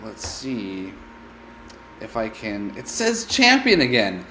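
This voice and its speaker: A man's voice: lowish voice, huge pitch swings, slow, sharp tone, a little hiss or hum. A man hosting a let's play, narrating his gameplay with playful, mock-scared melodrama. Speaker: gaming channel host.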